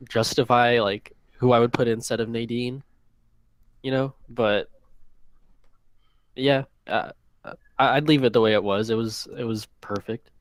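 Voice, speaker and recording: A man co-hosting a gaming podcast, talking hesitantly with many pauses and fillers. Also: medium pitch, no echo, low-quality recording. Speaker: podcast co-host. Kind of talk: casual chat.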